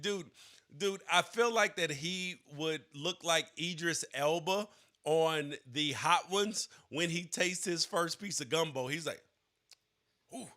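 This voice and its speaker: A man co-hosting a sports podcast in casual, animated chat, joking and laughing. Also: on the high side, unhurried. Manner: animated, laughing, says bro a lot. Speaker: podcast co-host.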